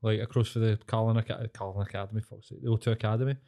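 A man's voice: on the low side, flat delivery, racing, dark tone. Glaswegian man in casual banter. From Scotland. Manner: sweary banter, slips into silly voices. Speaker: podcast co-host. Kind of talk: casual chat.

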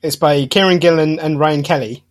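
Higher-voiced man, easygoing chat. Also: steady tone, moderate pace. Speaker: podcast co-host. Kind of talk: casual film discussion.

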